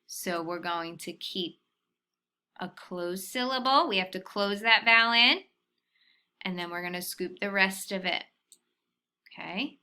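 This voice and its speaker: A woman's voice: medium pitch, pushed and bright. A woman teaching a phonics lesson to young children, patient and sounding out syllables.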